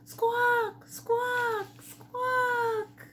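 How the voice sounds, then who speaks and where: A sad, lonely young pheasant , put on by a woman reading a storybook aloud, squawks high and begs for company. The voice jumps far above a normal speaking voice and hangs on each wistful question. The reading is slow. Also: lively intonation, a little hiss or hum, heavily acted. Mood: pleading.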